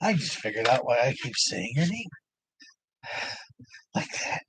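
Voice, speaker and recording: A man's voice: mid-range voice, sing-song, a little slow, a bit bright, a little hiss or hum, poor audio. A man streaming, chatting casually and laughing often while he saws and files at a workshop project, rambling and joking at his own expense.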